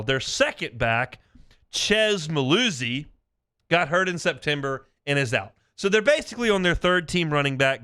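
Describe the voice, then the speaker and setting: A middle-aged man hosting a sports talk radio show, briskly reeling off stats in a studio. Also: mid-range voice, bright, forceful tone, smooth. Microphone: studio mic.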